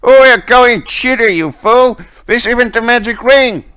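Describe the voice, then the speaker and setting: A man voicing an angry male guard who shouts curses at a cheating comrade. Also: very high-pitched, measured pace, smooth, no echo, clean studio sound, pitched above the performer's own voice, heavily acted. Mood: furious.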